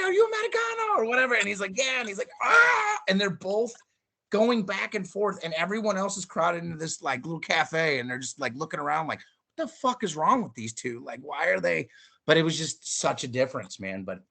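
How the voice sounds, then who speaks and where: A man from St. Louis, a stand-up comedian co-hosting a podcast, telling stories in a rambling, animated way and swearing freely. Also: mid-range voice, creaky. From St. Louis, USA. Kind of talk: casual chat.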